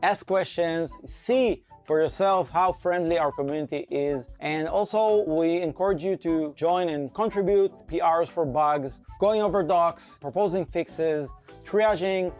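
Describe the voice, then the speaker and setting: A man giving a scripted conference talk in an enthusiastic, playful, pitching manner, bantering with a co-presenter. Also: unhurried, darkish tone, faint music behind. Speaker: conference speaker and framework core team member.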